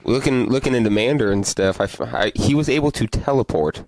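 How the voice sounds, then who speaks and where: A man's voice: medium pitch, brisk, a little hiss or hum, poor audio. A man co-hosting a podcast, chatting casually and rambling about movies and beer. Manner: relaxed, rambling, reads beer labels aloud. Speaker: podcast co-host. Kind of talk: casual chat.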